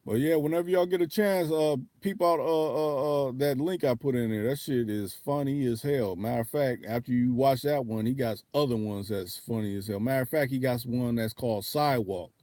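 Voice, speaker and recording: At a medium pitch and normal speed, a man with an African American English accent barely pauses while hosting a livestream. The tone is dark and the recording dry and clean, and his casual talk is profane and full of restarts.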